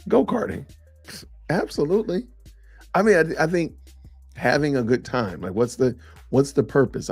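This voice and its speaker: A man's voice: medium pitch, a little mellow, breathy edge, no echo. A middle-aged man hosting a casual live-stream podcast, chatting loosely and reacting to viewer comments. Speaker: podcast host.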